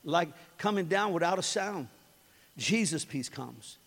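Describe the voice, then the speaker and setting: A man with a high, light voice preaches to a congregation and keeps it conversational. He hammers his key lines by repeating them. The sound carries a long hall reverb. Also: lively intonation, unhurried, vocal fry, a bit bright. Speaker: pastor. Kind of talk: sermon.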